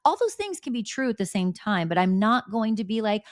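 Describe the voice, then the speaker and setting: A woman's voice: mid-range voice, fairly quick, dry recording, clean studio sound. A woman hosting a podcast, telling candid gossip stories in casual chat with blunt swearing. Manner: animated, candid storytelling with swearing. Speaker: podcast host.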